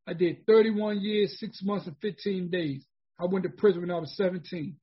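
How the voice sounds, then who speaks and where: A man in his forties speaks with a raised, husky voice. He tells his own story in a conversational way, repeating points for emphasis. The recording sounds dull and lo-fi. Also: sits high, steady tone, moderate pace. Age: 40s. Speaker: formerly incarcerated speaker. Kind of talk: personal storytelling talk.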